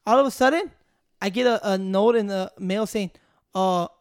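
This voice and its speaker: A man's voice: high-pitched, moderate pace, smooth. A man in casual podcast chat, arguing and swearing, calling his friend "bro". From Chicago area. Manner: profane, argumentative, calls his friend "bro".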